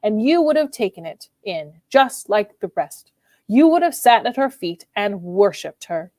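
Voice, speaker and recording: A woman's voice: medium pitch, sing-song, measured pace, mellow, no echo. A woman reading as a tormented older husband. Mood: bitter.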